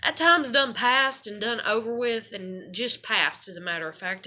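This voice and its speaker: Bright-voiced woman venting. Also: mid-range voice, normal speed, hardly any pauses. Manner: rambling, emotional, frank and profane. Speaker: vlogger. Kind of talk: personal venting monologue.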